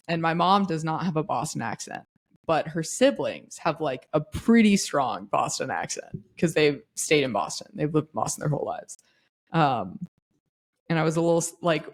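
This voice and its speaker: Chatty woman full of "like" fillers. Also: low-pitched. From Austin, Texas. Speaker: podcast co-host. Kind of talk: casual chat.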